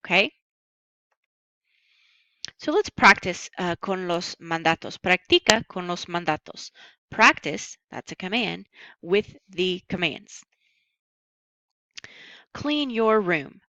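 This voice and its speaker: Bright-voiced woman teaching a lesson. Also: on the low side, very animated, dry recording, rough recording. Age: adult. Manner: patient, upbeat, slow and careful on Spanish words. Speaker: Spanish teacher. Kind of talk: recorded language lesson.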